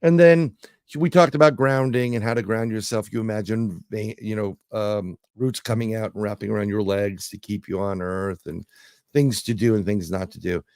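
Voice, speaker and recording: A man's voice: on the low side, moderate pace, darkish tone, no echo, clean studio sound. A man, a guest telling rambling anecdotes in casual conversation, full of fillers and restarts. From New York City. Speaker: guest, remote viewer. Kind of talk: casual interview storytelling.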